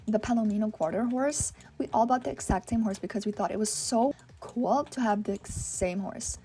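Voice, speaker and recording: A young woman hosting a gaming channel, chatting excitedly and reacting to viewer submissions with lots of "oh my gosh". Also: fairly high pitch, slightly rough. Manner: reads viewer submissions aloud and reacts to them. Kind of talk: casual gaming commentary.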